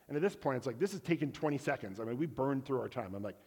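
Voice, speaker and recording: A man's voice: mid-range voice, fast, hardly any pauses, a little mellow, slightly rough, big-room sound. A man telling a personal story in a sermon, candid and self-deprecating, acting out bits of dialogue. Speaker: preacher. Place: church.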